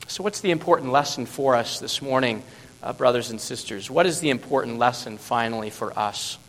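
A man preaching a sermon as pastor, emphatic and full of rhetorical questions, dropping to a hush and then rising to loud stresses. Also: medium pitch, brisk, in a large hall, low-quality recording.

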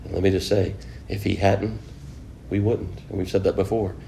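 A man's voice: low-pitched, steady tone, moderate pace, vocal fry, dark tone, slight background noise. A man preaching an informal Bible lesson, chatting with his class, asking them questions and filling in with "you know". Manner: conversational, asks the class questions, many "you know" fillers.

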